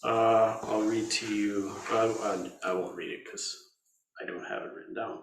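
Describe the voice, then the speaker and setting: A man teaching as a Zen teacher, giving an informal dharma talk in a conversational way, thinking aloud with pauses and restarts. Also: on the low side, fairly even intonation, roomy sound, a little hiss or hum.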